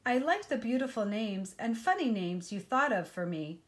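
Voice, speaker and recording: Woman reading as shy little schoolgirl, soft, earnest, slightly raised pitch, storybook. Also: very animated, moderate pace. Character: shy young Korean girl, new at school.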